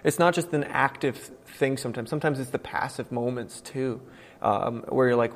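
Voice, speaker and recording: Man, pastor, sermon, mid-pitched voice, hushed-to-forceful delivery, long hall reverb. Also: normal speed. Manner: earnest preaching, swings from hushed to loud and emphatic.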